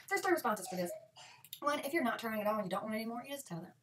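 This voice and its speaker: Sarcastic fast-talking woman. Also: a little high, recorded from a distance, very noisy. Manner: sarcastic, lively, switches into mock voices. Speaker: comedy vlogger. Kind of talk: comic advice monologue.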